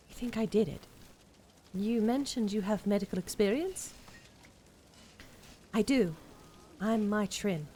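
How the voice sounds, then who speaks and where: A woman's voice: mid-range voice, dark tone, slight background noise. A woman streamer chatting casually and reading game dialogue aloud with a giggly, playful manner.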